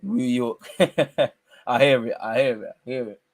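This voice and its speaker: Young male watch-along host, loose and slangy, with loud teasing bursts. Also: medium pitch, normal speed, no room sound. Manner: teasing, slangy banter with sudden excited outbursts. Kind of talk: live football watch-along commentary.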